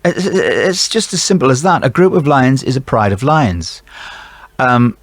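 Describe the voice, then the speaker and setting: A man reads out quiz answers at an unhurried pace, slipping in jokey, chatty asides. He sounds close and dry, with no room echo. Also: medium pitch, big pitch swings. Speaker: quiz host for a care provider.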